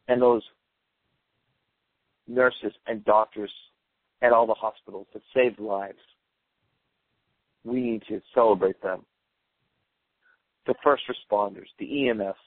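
A man delivering a solemn, earnest dedication speech in a measured, rallying way. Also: medium pitch, no room sound. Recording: dry, phone-like narrow sound.

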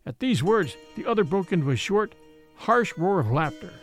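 A man narrating an old adventure tale in an expressive storytelling manner. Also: sits high, normal speed, soft background music.

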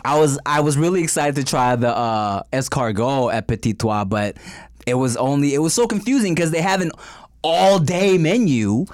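A man's voice: fairly high pitch, animated, moderate pace, a little mellow, dry recording, clean studio sound. A young man co-hosting a podcast in casual, joking chat. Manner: joking, slips into put-on accents. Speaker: podcast co-host.

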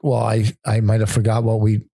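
A man with a slight lisp and a gravelly, fry-heavy voice jokes his way through casual podcast banter. He rambles and loses his thread easily, recorded close and dry with no room sound. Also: fairly low pitch, monotone, fairly quick, dark tone, dry recording. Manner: rambling, joking, easily sidetracked. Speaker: comedian and podcast co-host.

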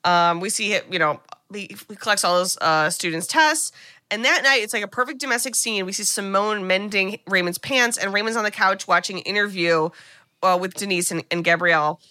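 Podcast co-host, woman, bright tone, lively storytelling, voices the characters. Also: medium pitch, a little fast. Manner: animated, acts out characters' lines. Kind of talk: casual movie recap.

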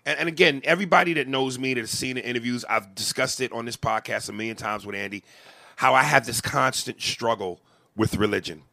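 A man's voice: medium pitch, brisk, creaky, sharp tone. A man in his forties on a podcast, ranting with passion, swearing and stumbling over restarts. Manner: passionate, profane, stammering restarts. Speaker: podcast co-host. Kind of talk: emotional podcast rant.

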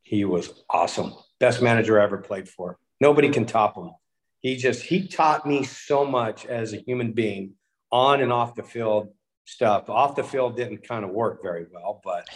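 A former pitcher in an interview, telling old clubhouse stories casually, acting out quotes and laughing often. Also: male voice. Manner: animated storyteller, acts out quotes, laughs often. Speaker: guest, former baseball pitcher.

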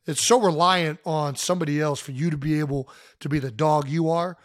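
A man from Ohio co-hosting a podcast, telling stories in an animated, joking way. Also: fairly high pitch, a little fast, no echo, studio quality. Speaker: podcast co-host. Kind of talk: casual chat.

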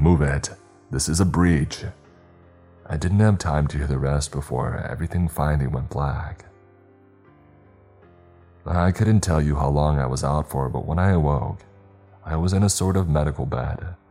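A man reading a scripted horror story in the first person, steady and measured. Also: extremely low pitch.

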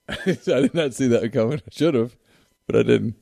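A man's voice: medium pitch, a little slow, gravelly, dark tone, no room sound, studio quality. A man hosting a casual call-in sports radio show, chatting easygoing with callers.

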